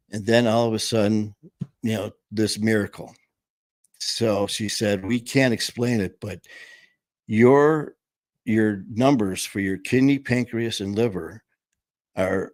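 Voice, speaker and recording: A man with a lowish voice recounts a personal story in a casual, conversational way. He talks with emphasis and now and then lets rough language slip. The sound is dry and close, with no room echo. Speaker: show host telling his story.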